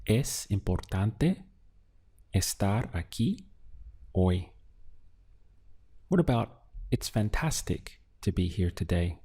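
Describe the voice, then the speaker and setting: A man teaching useful phrases in a slow, clear lesson, giving prompts and then the model answers. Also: lowish voice, sing-song, dark tone. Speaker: language teacher. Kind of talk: audio language lesson.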